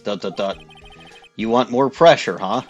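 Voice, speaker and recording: A man hosting a comedic game playthrough voice-over, sarcastic and deadpan as he reads and comments. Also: lowish voice, moderate pace, dull audio, faint music behind. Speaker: host.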